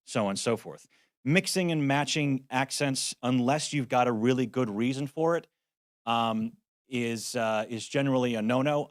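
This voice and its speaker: A man's voice: mid-range voice, no echo, studio quality. A man, a voice actor, giving a practical conference talk with wry, self-deprecating asides. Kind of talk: conference presentation. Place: conference venue.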